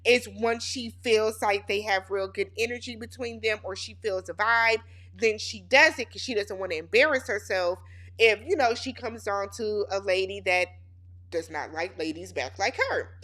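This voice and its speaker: A woman's voice: mid-range voice, normal speed, fairly bright tone. A woman host giving a casual, sassy and blunt recap of a reality TV episode.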